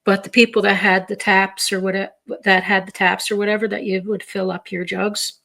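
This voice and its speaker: Her voice sits at medium pitch, gravelly and a little bright, with not much movement in pitch, and she speaks at an ordinary pace. She's a middle-aged East Coast Canadian vlogger showing off groceries, chatting loosely and wandering into stories with lots of fillers and false starts.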